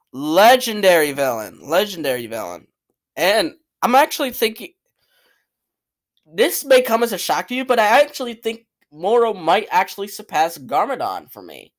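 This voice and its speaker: A man giving casual, opinionated commentary as a channel host, blunt and rambling, swearing freely and repeating himself. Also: high-pitched. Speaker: channel host ranking cartoon characters.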